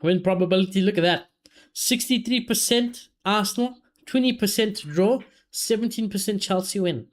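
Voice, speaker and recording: A man, casually commentating a football match for his live chat and reacting loudly to chances. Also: sits high, moderate pace. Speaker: streamer hosting a football watchalong.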